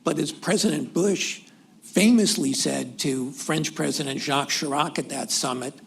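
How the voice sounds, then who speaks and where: Gravelly man at a panel. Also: a little high. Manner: measured, deliberate delivery with occasional restarts. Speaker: panelist, former senior government official. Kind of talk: panel discussion remarks. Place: conference hall event.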